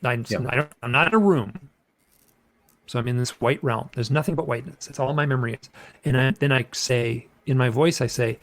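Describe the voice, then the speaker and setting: A man's voice: medium pitch, fairly quick. A middle-aged man telling a strange personal story in a rambling, casual way, repeating phrases and acting out what people said. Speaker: podcast guest recounting an experience.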